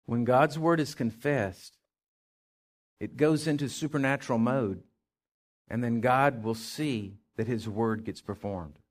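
A male pastor preaching a sermon, swinging from hushed asides to loud, fervent declarations. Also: mid-range voice, unhurried.

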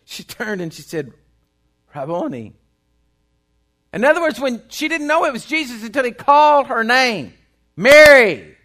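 A man preaching a sermon, swinging between loud bursts and hushed, quiet stretches. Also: very high-pitched, lively intonation, a little fast, hardly any pauses. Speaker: pastor.

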